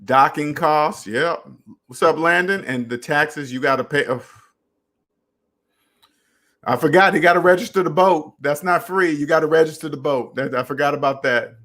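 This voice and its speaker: A man's voice: on the high side, moderate pace, fairly bright tone. A young adult man hosting a casual personal finance live stream, talking straight to viewers and repeating phrases for emphasis.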